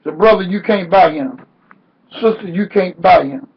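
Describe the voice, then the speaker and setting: Male activist speaker, high husky voice, unhurried preaching cadence, dull lo-fi sound. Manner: preacher-like cadence, rising to cries. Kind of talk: impassioned protest speech.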